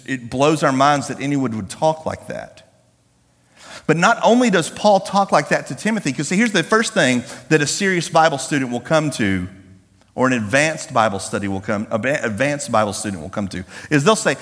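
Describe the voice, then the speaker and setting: A man preaching a sermon in a church, animated and humorous, reading scripture slowly with emphasis. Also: on the high side. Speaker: pastor. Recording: echoey hall with long reverb.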